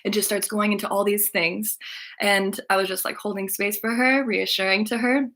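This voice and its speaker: A woman at a middle pitch tells a personal story in a casual spiritual vlog. She is chatty, fills her sentences with "like", and laughs now and then. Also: steady tone, moderate pace, a bit bright, slight background noise. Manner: chatty, lots of "like" fillers, laughs while talking. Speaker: spiritual channeler and content creator.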